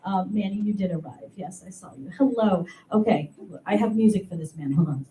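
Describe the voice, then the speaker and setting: A woman hosting an open mic and telling a stand-up story, wry and unhurried with pauses. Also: medium pitch, expressive. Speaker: open mic host and comic. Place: small live comedy venue. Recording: roomy live room, distant mic, audience noise. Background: audience laughter and room ambience.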